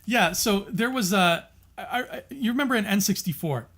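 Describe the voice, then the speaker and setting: A man's voice: high-pitched, expressive, moderate pace, fairly bright tone. A man co-hosting a podcast, chatting casually and passionately, often laughing and restarting his sentences. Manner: passionate, emphatic. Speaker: podcast co-host.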